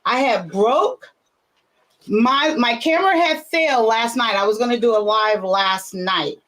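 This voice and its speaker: A woman hosting a casual video call chat from home, telling a story with lively acted-out quotes. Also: fairly high pitch, measured pace. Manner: animated storyteller, acts out her own quotes. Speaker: host. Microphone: webcam on a video call.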